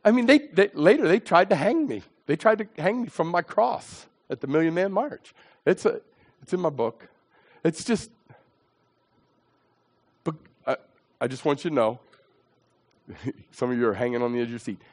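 A middle-aged evangelist preacher from southeastern Pennsylvania shares a testimony during a sermon, animated and dramatic, shifting from hushed asides to shouting. His voice is a little high, at a normal speed with long pauses.

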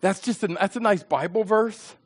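A middle-aged preacher from southeastern Pennsylvania tells his testimony with a high, bright voice. He is animated and dramatic, dropping to hushed asides and climbing to shouts. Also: normal speed. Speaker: evangelist preacher. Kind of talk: sermon testimony storytelling.

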